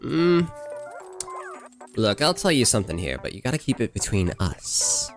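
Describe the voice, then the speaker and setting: A man voicing a gruff, secretive older woman shopkeeper who teases and lectures in a brash way. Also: medium pitch, sing-song, normal speed, soft background music.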